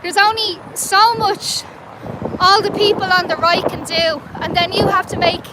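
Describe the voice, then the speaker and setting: An Irish woman speaks urgently to her livestream audience from a city street, pressing her point with repeated rhetorical questions. Her voice sits very high. Traffic and street noise run clearly underneath. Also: fairly even intonation, measured pace. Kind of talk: impassioned livestream address to viewers.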